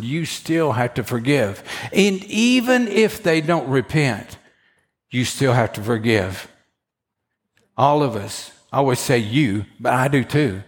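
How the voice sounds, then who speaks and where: A man preaching a sermon, telling a story with lively asides, acting out the voices of the people in it, and often repeating words as he starts a sentence. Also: medium pitch. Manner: animated storytelling, acts out quoted voices. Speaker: pastor.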